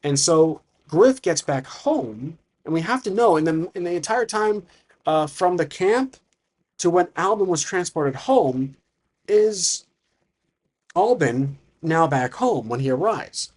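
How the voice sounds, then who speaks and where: Man, solo tabletop game master, thinking aloud, fairly high voice. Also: expressive, takes it slowly, a little mellow. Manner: thinking aloud, many fillers and restarts.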